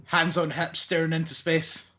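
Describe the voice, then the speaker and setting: A man's voice: fairly high pitch, completely flat delivery, normal speed, bright, forceful tone, highs cut off. A man co-hosting a wrestling podcast, recapping matches in a casual, rambling way with lots of fillers. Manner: rambling, hesitant with many fillers.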